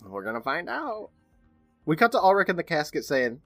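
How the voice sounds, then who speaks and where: A man co-hosting a podcast, retelling an episode with a lively voice that rises and falls a lot. He is recorded close on a dry microphone. He slips into put-on voices for the characters he quotes. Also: a little high, moderate pace, no room sound, faint music behind. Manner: animated storyteller, puts on voices for quoted characters. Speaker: podcast co-host recapping an episode. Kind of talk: casual chat, retelling a TV episode.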